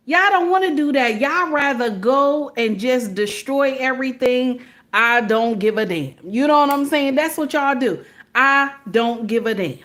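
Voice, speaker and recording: A woman's voice: high voice, a bit bright. A woman giving emphatic, preachy casual commentary to her viewers, repeatedly checking in with "okay?".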